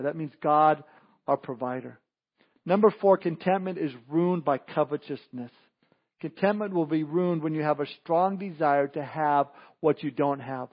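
A man's voice: a little high, lo-fi sound. A man preaching a sermon as pastor, with emphatic, punchy lines that rise for emphasis.

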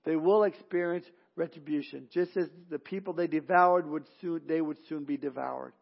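A man preaching a sermon, reading scripture aloud and slowing down to stress key words, with small restarts. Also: a little high, fairly even intonation, vocal fry, highs cut off. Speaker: pastor.

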